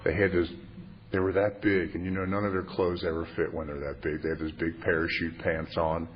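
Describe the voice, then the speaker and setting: Fifties man, low-ish voice, self-mocking confessional speaker, muffled old tape. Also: little pitch movement, a little fast. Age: 50s. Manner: wry, plainspoken, self-mocking. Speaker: recovery meeting speaker. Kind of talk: humorous confessional storytelling. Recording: muffled lo-fi tape with faint hiss.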